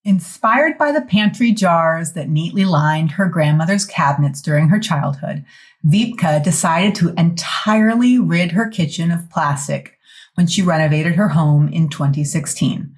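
A woman hosting a podcast, introducing her guest with enthusiastic, effusive warmth. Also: lowish voice, lively intonation, a little slow. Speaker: podcast host.

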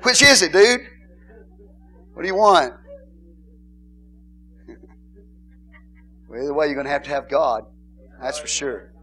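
A middle-aged male pastor, preaching in a joking, animated way and calling out to the congregation. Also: fairly high pitch, takes it slowly, pauses often, breathy edge. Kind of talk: sermon.

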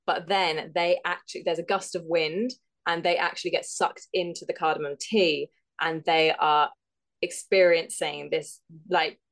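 A woman actor and writer who chats as a guest on a podcast. Her voice is fairly low for a woman, and she is bubbly and quick to laugh at herself. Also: level tone, fairly bright tone. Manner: self-deprecating, bubbly, quick-witted. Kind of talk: casual interview.

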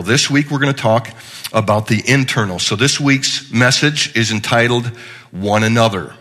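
A man's voice: medium pitch, bright, forceful tone. A middle-aged male pastor giving a conversational, joking sermon with frequent restarts.

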